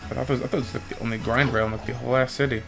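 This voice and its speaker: A man's voice: medium pitch, fairly even intonation, racing, gravelly, over music. A man with a stuffy nose giving casual, rambling gameplay commentary as a let's player, often stopping to restart his sentences. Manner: rambling, self-interrupting.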